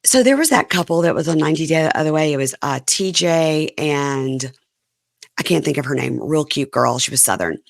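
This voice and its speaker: A woman in her fifties hosting a podcast, her voice hoarse and going out as she chats candidly about reality TV. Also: deep voice, fairly quick, no room sound, studio quality. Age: 50s. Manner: chatty and candid, animated asides. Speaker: podcast host. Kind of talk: casual reality TV recap chat.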